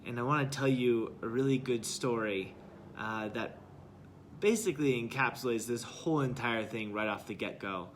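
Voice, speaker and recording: A man's voice: medium pitch, moderate pace, a little hiss or hum. A man hosting a live-stream motivational talk as a life coach, earnest and emphatic with lots of repetition.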